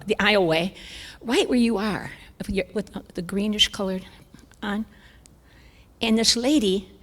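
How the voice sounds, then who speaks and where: A woman in her seventies giving a conference talk, a lively, self-mocking storyteller. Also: a little high. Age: 70s. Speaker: conference speaker. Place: church sanctuary. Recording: reverberant church hall.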